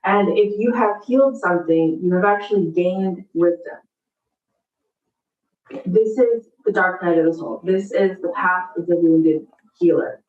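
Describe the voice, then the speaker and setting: A woman's voice: lowish voice, measured pace, roomy sound, distant mic, narrow, tinny audio. A woman in her thirties chatting casually, upbeat and encouraging, giving a motivational pep talk to her viewers.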